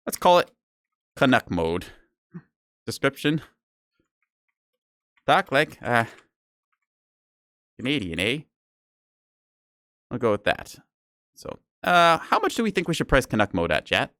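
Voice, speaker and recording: A man's voice: fairly low pitch, fairly bright tone, dry recording, studio quality. A man streaming a game live, chatting casually and playfully with his chat in a rambling, self-mocking way. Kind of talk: casual live gameplay commentary.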